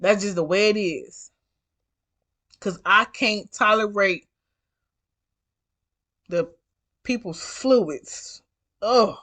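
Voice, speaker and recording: A woman's voice: mid-range voice, drawn-out words, long pauses, a bit bright. A woman who drives for a rideshare service, telling a story in a vlog in a blunt, emphatic way and repeating herself for stress.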